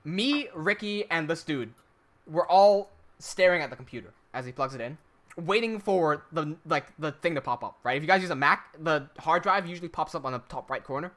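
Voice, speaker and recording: A filmmaker telling a story to camera in an animated way, swearing heavily and trailing off quietly at times. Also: male voice, on the high side, normal speed. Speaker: filmmaker and channel host.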